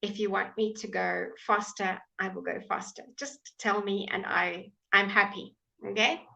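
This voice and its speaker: Drilling English pronunciation in a live online class from her home, a woman speaks slowly and patiently, repeating each word for students to echo. Her medium-pitched voice is level, gravelly and sharp, muffled by the computer mic on the live stream.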